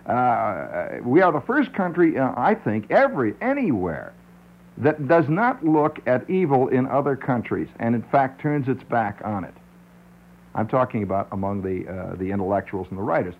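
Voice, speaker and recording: A man's voice: mid-range voice, big pitch swings, normal speed. A male radio talk show host musing in a wry, digressive monologue, often laughing at his own points, on a dull old radio recording. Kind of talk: rambling conversational monologue.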